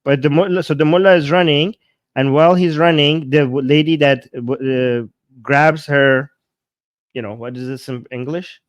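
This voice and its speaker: Man commentator, pitched a bit high, stop-start delivery, translates as he goes, close dry recording. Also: steady tone, dry recording. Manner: halting, with frequent restarts and repeated words. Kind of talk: casual commentary over a video.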